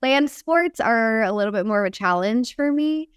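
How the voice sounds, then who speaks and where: A young woman coach talks in a quick, chatty way, laughing often as she answers questions. Her voice is smooth and clear, recorded close and dry with no room sound. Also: on the high side, lively intonation, no room sound. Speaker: fitness coach and company founder. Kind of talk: casual podcast interview.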